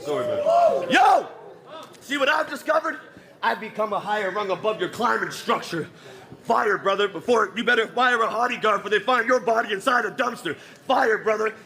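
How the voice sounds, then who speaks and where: Nova scotian dude battle rapping, real high voice, yelling crude bars, loud crowd all around. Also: male voice, animated, normal speed. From Nova Scotia, Canada. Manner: aggressive, shouted punchlines, crude taunting. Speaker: battle rapper. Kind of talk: live battle rap verses. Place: live battle rap event with a crowd. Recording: live crowd noise around.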